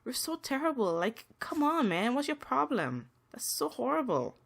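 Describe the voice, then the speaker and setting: Woman ranting solo on her podcast, emphatic, keeps repeating herself, goes higher when worked up. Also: sing-song, moderate pace, vocal fry, a bit bright. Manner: emphatic, repetitive, rises in pitch when upset. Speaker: podcast host. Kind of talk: solo podcast monologue, venting.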